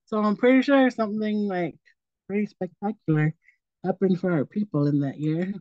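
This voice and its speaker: A woman in her forties leads an online presentation in a relaxed, storytelling style, full of "um" and "like." Her medium-pitched voice moves at a normal speed, and the dry, slightly dull audio sounds like a video call.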